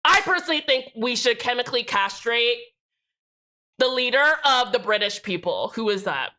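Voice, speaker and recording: Young woman streamer with a bright, somewhat high voice; irreverent, sassy, swears freely. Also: animated, normal speed, a little hiss or hum. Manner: sassy, profane, joking with chat. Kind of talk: casual live-stream chat.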